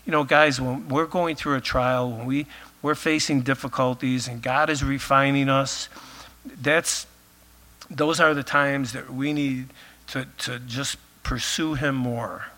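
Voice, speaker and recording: A man delivers a sermon in a casual, chatty way, peppering his points with filler phrases. His voice is bright and forward, though it is starting to wear thin as he loses it. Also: medium pitch, fairly even intonation, measured pace. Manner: conversational, many filler phrases. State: losing his voice. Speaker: pastor.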